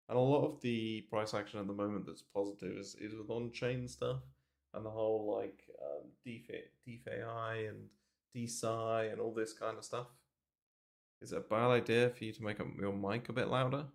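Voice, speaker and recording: A man's voice: lowish voice, vocal fry. A man giving casual, rambling market commentary on a livestream, full of fillers and casual swearing, speaking into a close desk mic in a small bare room. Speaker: crypto trading streamer. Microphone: desk mic moved close to mouth.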